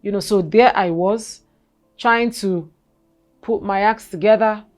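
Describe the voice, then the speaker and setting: Speaking at a medium pitch with faint music in the background, this forties-aged woman recounts her personal story as an interview guest. Her delivery stumbles and repeats at first before becoming lively.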